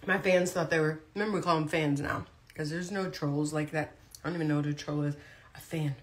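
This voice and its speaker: A woman's voice: deep voice, steady tone, a little fast. A woman talking casually on a livestream, blunt and chatty, chewing food as she speaks. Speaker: vlogger.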